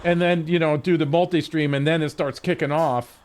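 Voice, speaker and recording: High-voiced man rambling, swearing. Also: fairly even intonation, fairly quick, darkish tone, a little hiss or hum. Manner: rambling, profane storytelling with restarts. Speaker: game streamer. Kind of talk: casual stream chat.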